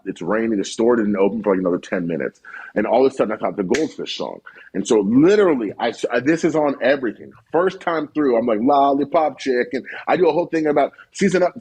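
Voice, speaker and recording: A man in his thirties chatting as a podcast guest, an animated storyteller who swears freely and slips into quoted voices. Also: medium pitch, husky, poor audio. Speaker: podcast guest, cooking content creator. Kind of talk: casual podcast chat.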